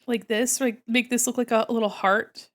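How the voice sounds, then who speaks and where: A woman's voice: a little high, fairly even intonation, normal speed. A woman livestreaming while she draws, chatting playfully and talking through each step of her work. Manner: chatty, narrates her own actions, playful. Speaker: livestreaming artist. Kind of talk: casual chat while drawing.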